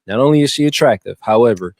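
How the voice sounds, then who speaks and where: Here a podcast host with a mid-range voice talks quickly about a movie, recorded at studio quality with no echo. He's relaxed and slangy, and names regularly trip him up.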